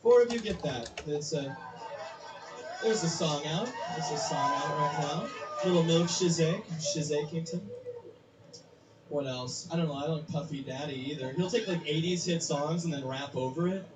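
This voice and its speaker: A woman's voice: low-pitched, normal speed, noisy background. A woman doing stand-up comedy, ranting with lots of swearing and acting out quotes. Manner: profane, ranting, acts out quotes. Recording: echoey room.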